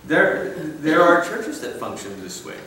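A man's voice: a little high, very animated, a little slow, sharp tone, slight background noise. A man giving a church conference talk to a room, conversational and wry, often breaking off for asides. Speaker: conference speaker. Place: large room. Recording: echoey room, mic at a distance.

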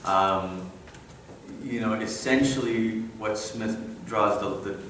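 A man's lowish, fairly bright voice moves slowly through a church conference talk that's conversational and wry, with frequent asides to the room. The large, echoey room is captured by a distant mic, with slight background noise.

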